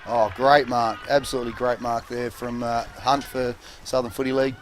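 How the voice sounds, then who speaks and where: A man with an Australian accent commentating a local football game in a relaxed, halting way with many fillers. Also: mid-range voice, a little hiss or hum. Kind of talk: casual sports commentary. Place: commentary box at an outdoor oval.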